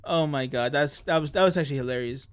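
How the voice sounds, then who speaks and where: A man's voice: fairly high pitch, quick pace, smooth. Rambling chatty male streamer. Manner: rambling, self-correcting, laughs mid-sentence. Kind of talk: casual chat.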